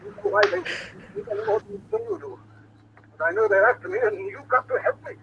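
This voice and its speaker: A jittery, shrill Egyptologist from a 1940s radio drama pleads for protection in a panicky way. His voice swings wildly in pitch. The old broadcast sounds muffled and carries a faint hiss. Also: sing-song, quick pace, creaky, a bit bright, exaggerated voice. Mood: defensive. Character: frightened older male Egyptologist.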